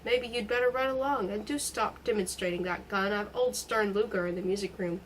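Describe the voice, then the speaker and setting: A woman reading a novel aloud, putting on a blustering, rambling man with a high, hoarse voice and a strangely feminine manner. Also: fairly quick, far from the mic, a little hiss or hum, natural voice. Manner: drawling, mocking, rambling. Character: fussy, blustering middle-aged man in a fog.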